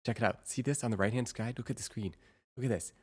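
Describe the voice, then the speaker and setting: A young adult woman livestreaming in casual chat, excitable and quick to repeat herself in bursts. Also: extremely low pitch, slightly rough.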